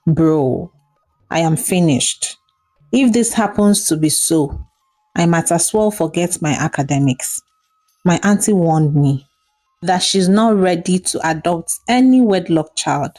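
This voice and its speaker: A woman's voice: lively intonation, a little slow, warm tone, faint music behind. A woman voicing an anxious young man who coaxes and reassures. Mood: despairing. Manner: low, coaxing, reassuring. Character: young man, anxious boyfriend trying to soothe.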